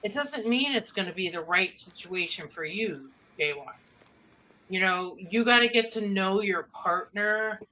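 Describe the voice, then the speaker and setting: Bright-voiced woman giving earnest advice. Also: medium pitch, expressive, a little slow, low-quality recording. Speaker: podcast panelist. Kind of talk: casual panel chat.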